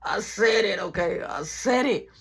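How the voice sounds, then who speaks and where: A young woman vlogger telling a story in a casual, animated, repetitive way. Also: mid-range voice, measured pace, husky.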